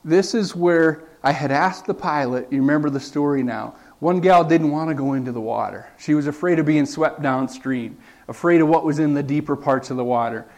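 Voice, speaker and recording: A man giving a church talk, telling a story while showing pictures, with a slightly high-pitched voice. He talks conversationally, checks in with "okay," and often restarts his sentences. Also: fairly quick, hardly any pauses, a little mellow.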